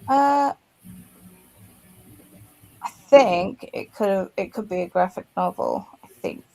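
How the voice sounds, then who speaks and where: A woman's voice: medium pitch, expressive, slow pace, gravelly, a little mellow, poor audio. A woman in a casual book club chat who looks up facts and corrects herself as she goes.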